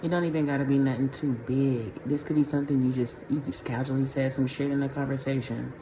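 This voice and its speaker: Low-voiced woman giving a tarot reading. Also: fairly even intonation, fast talker. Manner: slangy, profane, conversational. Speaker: tarot reader. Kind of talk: casual pick-a-pile tarot reading. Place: home room with a heater. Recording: echoey room with clear background noise.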